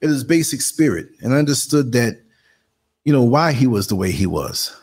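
A man in his sixties with a New York accent hosts a live stream in a relaxed, chatty way. His voice is gravelly, with a husky edge. He tells stories with animation, pitching up when he acts out what other people said. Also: moderate pace. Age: 60s. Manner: animated storyteller, acts out quotes in a higher voice, laughs often. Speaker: live show host. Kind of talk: casual live-stream chat.

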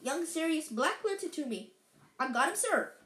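A woman voicing a huge, gentle male giant who sniffles through rough, apologetic lines, read aloud from a storybook in an echoey room. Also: high voice, very animated, normal speed, voice pushed up. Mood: earnest.

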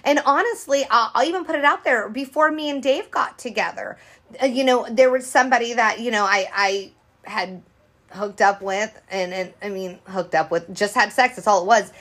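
A woman in her thirties talks on a podcast in an open, unfiltered way. Her voice sits a little high, and she swears freely and loops back on herself often. It sounds like a relaxed, candid conversation. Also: normal speed. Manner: frank, profane, rambling with many restarts. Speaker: podcast co-host. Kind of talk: candid casual chat.

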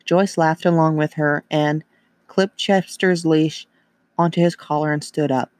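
A man narrating a story in a steady, even reading voice. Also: a little high, moderate pace, dry recording.

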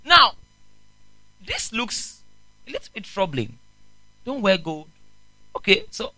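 A man, a pastor preaching a sermon in an animated way and often asking the congregation questions. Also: sits high, slow, pauses often, no room sound, rough recording.

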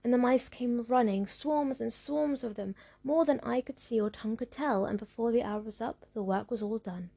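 Gravelly woman reading a folktale. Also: fairly high pitch, mellow. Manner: measured, rhythmic. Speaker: narrator. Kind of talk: storybook reading.

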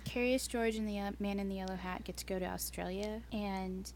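A woman's voice: medium pitch, steady tone, brisk, a little mellow, a little hiss or hum. A woman co-hosting a casual podcast chat, wry and sarcastic, laughing easily. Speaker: podcast co-host.

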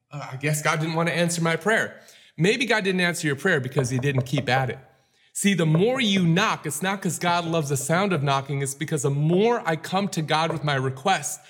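A man's voice: a little high, a bit bright. A man preaching a sermon, acting out scenes with voices and rising to urgent calls. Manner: dramatic, acts out the scenes he tells.

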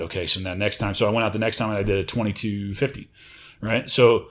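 Lower-voiced guy, confident and emphatic, super competitive talk. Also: level tone, fast, fairly bright tone. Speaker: retired military chief. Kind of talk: casual conversation.

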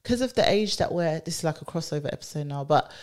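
A woman's voice: deep voice, lively intonation, quick pace, a little mellow. A woman with a London accent, co-hosting a podcast in casual, chatty talk full of "like". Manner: chatty, peppered with "like". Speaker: podcast co-host. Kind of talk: casual chat.

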